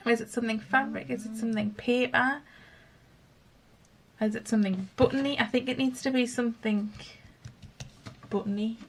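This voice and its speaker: A woman's voice: fairly high pitch, creaky, noisy background. A woman hosting a craft video, chatting and thinking aloud while she works. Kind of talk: casual craft narration.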